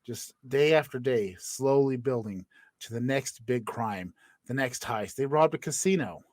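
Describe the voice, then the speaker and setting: Young guy making up a dumb florida story, laughing a lot, dry close sound, mid pitch. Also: animated, unhurried, darkish tone, no echo. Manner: laughs often, makes up stories and tries silly voices. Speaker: podcast co-host. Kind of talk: casual comedic storytelling.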